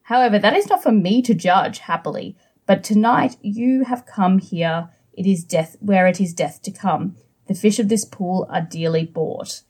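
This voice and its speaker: A stern noble captain passes judgment in measured, solemn tones, voiced plainly by a woman. The reading stays near her natural pitch. It sounds like a book reading on a chat podcast. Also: darkish tone, slightly rough, close to an everyday voice.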